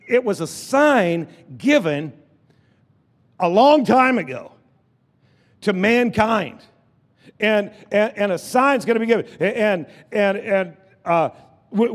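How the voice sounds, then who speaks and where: A long reverb tail trails the high-pitched voice of a man preaching from the pulpit. As pastor of a church sanctuary filled with congregants, he leads call-and-response, circling back on phrases and restarting his sentences.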